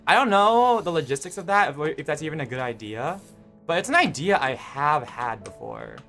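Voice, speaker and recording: Young guy rambling to his stream chat, lots of ums and restarts, quiet music under him. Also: a little high, wildly swooping pitch, normal speed. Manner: rambling, hesitant, many fillers and restarts. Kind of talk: casual live-stream chat with viewers.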